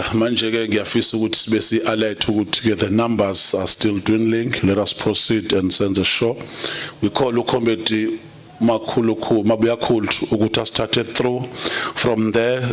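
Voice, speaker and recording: A South African man with a fairly low voice chairs a political summit in a conference hall. He moves between English and Zulu and calls the audience comrade. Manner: mixes English and Zulu, addresses everyone as comrade. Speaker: programme director.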